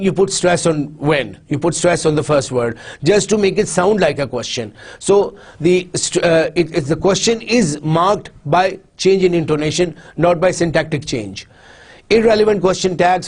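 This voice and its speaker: A man delivers a recorded university lecture in a slightly high voice. He explains step by step, often repeating words and restarting his sentences. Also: a little mellow.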